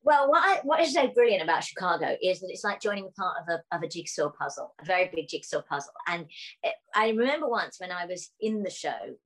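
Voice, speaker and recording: A middle-aged British woman, a musical theatre actress, telling animated stories and laughing often as a guest. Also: lowish voice, fast, poor audio. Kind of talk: casual anecdotal chat.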